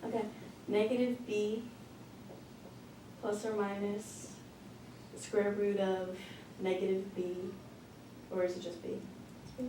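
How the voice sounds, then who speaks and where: A woman's voice: mid-range voice, level tone, unhurried, pauses often. A female student reciting the quadratic formula in class, easygoing and correcting herself as she goes. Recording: very echoey, distant, noisy.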